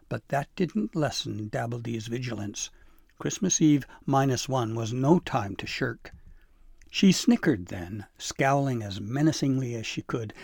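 Creaky-voiced man reading a storybook. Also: mid-range voice, darkish tone, dry recording, clean studio sound. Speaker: narrator.

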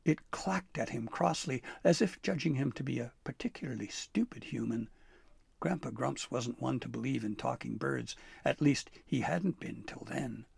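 A man narrating a storybook with an expressive, dramatic read-aloud manner. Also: mid-range voice, normal speed, vocal fry, slightly rough, dry recording.

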